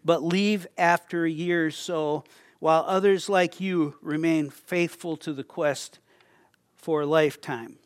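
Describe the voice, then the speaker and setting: A man's voice: a little high, fairly even intonation, a little slow, clean tone, no echo, clean studio sound, natural voice. A man voicing an earnest young man seeking holiness, asking an old hermit sincere questions. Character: young male spiritual seeker, earnest.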